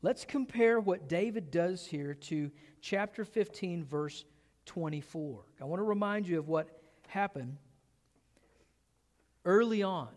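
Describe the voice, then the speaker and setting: A pastor with a fairly high, slightly mellow voice preaches a sermon, putting rhetorical questions to his listeners and leaning hard on key words. A long reverb makes his voice ring out as if in a large church hall.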